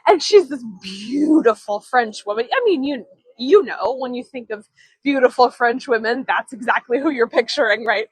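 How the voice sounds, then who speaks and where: A high-voiced woman from Chicago guides a live-streamed walking tour outdoors. She chats and giggles and drifts into storytelling asides. Her voice comes through a phone mic with dry, close sound. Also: moderate pace, husky, dry recording, rough recording. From Chicago, USA. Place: outdoors on city streets.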